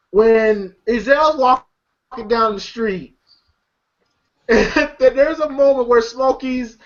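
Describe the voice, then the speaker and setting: A man's voice: very high voice, fairly bright tone. A man casually recapping a movie for his friends in a rambling, profane way. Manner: rambling, profane retelling, laughing through it. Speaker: movie reviewer. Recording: slightly muffled lo-fi audio.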